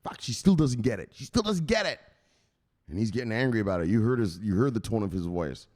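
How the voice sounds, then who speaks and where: A man's voice: lowish voice, animated, a little fast, a little mellow. A man hosting a crypto news channel in profane, joking, rambling casual commentary.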